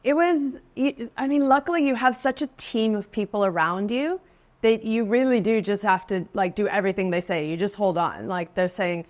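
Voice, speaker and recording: A woman's voice: mid-range voice, brisk. A woman in her forties, a guest actress in a casual interview, who talks in a chatty way, laughs often and lifts her voice when quoting people. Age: 40s.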